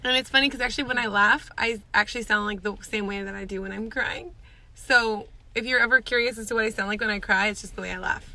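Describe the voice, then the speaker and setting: Bright, gravelly young woman. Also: mid-range voice, steady tone, quick pace. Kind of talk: casual group chat.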